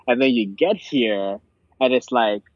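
A man's voice: mid-range voice, a little slow, no room sound. A young man from Ghana with a Ghanaian accent, telling his story as an interview guest with lots of fillers. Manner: animated storyteller, many fillers. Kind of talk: casual interview chat. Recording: dull lo-fi dry sound.

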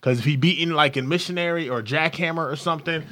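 Man, podcast co-host, crude storyteller, bright forceful voice, a bit high. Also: quick pace. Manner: crude, animated storytelling with acted-out quotes. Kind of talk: casual chat.

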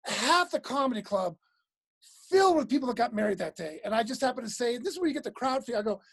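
A woman's voice: a little high, fast talker, gravelly, slightly rough. A woman comedian chatting casually, telling stage stories and acting out voices with laughter. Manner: animated, acts out voices with laughter.

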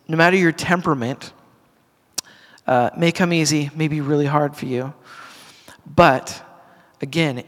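A middle-aged pastor speaks to his congregation in an earnest, conversational way, often restarting his sentences and turning to ask the room questions. His voice sits a little high for a man. The sound carries the long reverb of a church hall. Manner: earnest, conversational, with frequent restarts and asides to the audience. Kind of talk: casual sermon to a congregation.

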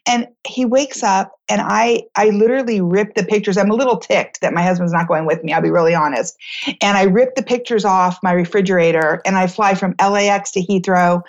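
An American woman in a talk interview, telling a personal story with lots of energy and a chatty flow full of "like"s. Her voice sits at a middle pitch and comes through slightly dull and muffled. She acts out the other people in the story as she goes. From United States. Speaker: charity founder telling her story to a host.

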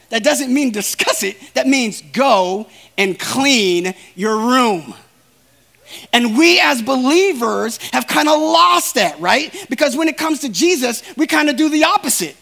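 A man's voice: very high-pitched, lively intonation, moderate pace, vocal fry, fairly bright tone. A man preaching a sermon in an earnest, emphatic way, speaking straight to his listeners.

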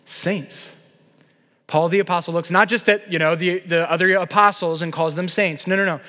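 Impassioned pastor with a high-pitched voice. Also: male voice, steady tone. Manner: impassioned, building to loud peaks and dropping to soft, slow lines. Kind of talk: sermon. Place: church sanctuary. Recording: long hall reverb.

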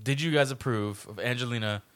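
A man's voice: medium pitch, a little fast, fairly bright tone. A man co-hosting a podcast in casual chat, skeptical and teasing as he argues his point. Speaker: podcast co-host.

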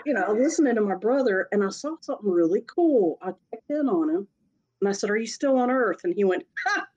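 A speaker telling a personal story in a casual, rambling way, often breaking into laughter. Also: mid-range voice. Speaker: storyteller sharing a personal experience.

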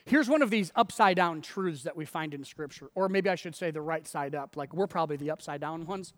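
A man preaching a sermon as a pastor, animated and often repeating words as he starts a phrase. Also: on the high side, fairly quick, in a large hall.

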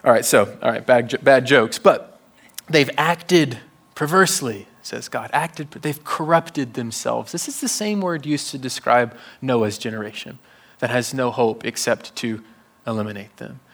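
A man preaching a sermon in a church, animated and wry, with sudden hushed drops. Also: mid-range voice, measured pace.

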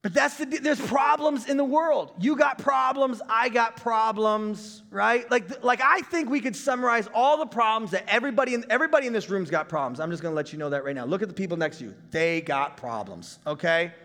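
A male pastor in his thirties preaching a conversational sermon, breaking into shouts now and then. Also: sits high, lively intonation, brisk, creaky, few pauses, in a large hall.

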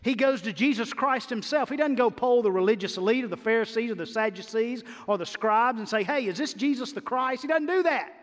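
Male preacher, high voice, expressive sermon delivery, soft to emphatic, long hall echo. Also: brisk, few pauses. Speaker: pastor.

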